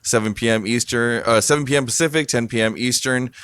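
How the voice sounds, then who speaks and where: An easygoing man chats on a podcast and breaks into laughter easily. His voice is smooth and resonant, at a middle pitch. The recording is dry and close. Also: fast talker, fairly bright tone, dry recording. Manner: easygoing, laughs while talking. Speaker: podcast host. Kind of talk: casual podcast chat. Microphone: podcast microphone.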